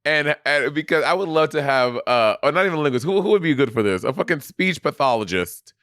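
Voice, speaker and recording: A man's voice: on the high side, brisk, dry recording. Saint Lucian man, dry close sound. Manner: animated storytelling, laughs often. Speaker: podcast co-host. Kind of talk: casual chat.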